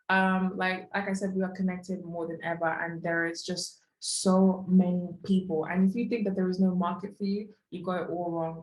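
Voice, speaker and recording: A woman's voice: lowish voice, darkish tone, roomy sound, rough recording. A young woman in her twenties teaching an online course lesson in a chatty, casual way, with lots of fillers and asides. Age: young adult.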